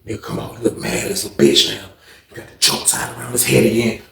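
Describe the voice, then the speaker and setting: A man telling a casual storytime, slangy and animated, acting out the people in it with a gravelly voice. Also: fairly low pitch, quick pace, reverberant.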